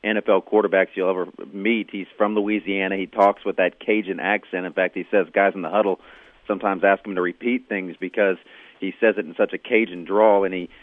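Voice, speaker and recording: A man's voice: sits low, no room sound. A man calling in as a sports radio guest, talking casually and knowledgeably about football, often restarting his phrases. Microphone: phone call. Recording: tinny phone line, dry.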